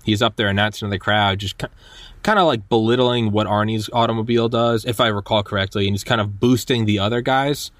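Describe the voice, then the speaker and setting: A man hosting a podcast, telling stories in a lively, animated way and acting out quotes. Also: on the low side, quick pace, no echo. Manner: animated storyteller, acts out quotes, many restarts. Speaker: podcast host. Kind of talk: casual conversation.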